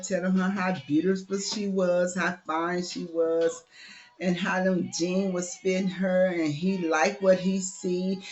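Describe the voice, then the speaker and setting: A woman's voice: on the low side, darkish tone, highs cut off. A woman telling a story in a loose, chatty way, full of "you know" and asides. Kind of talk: casual oral storytelling.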